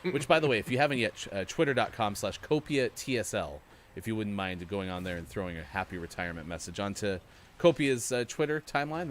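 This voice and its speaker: Guy hosting a morning game stream, lowish voice that jumps all over, lots of uhs. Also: slight background noise. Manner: upbeat, rambling, many fillers. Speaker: show host. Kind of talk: casual livestream chat while gaming.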